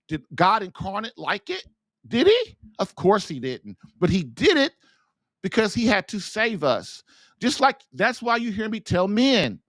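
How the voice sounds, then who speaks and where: A man's voice: high-pitched, sharp tone, no echo, clean studio sound. A man hosting a podcast, delivering an impassioned religious monologue full of rhetorical questions and repeated phrases. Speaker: podcast host and marriage coach.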